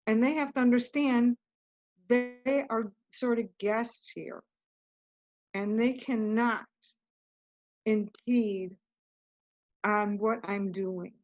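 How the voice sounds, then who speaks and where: A woman's voice: on the high side, steady tone, slow pace, long pauses, a little mellow, no echo. A woman guest telling her story in an interview, earnest and rambling, often breaking off and restarting. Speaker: guest author. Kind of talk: casual interview talk. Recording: dull, muffled lo-fi audio.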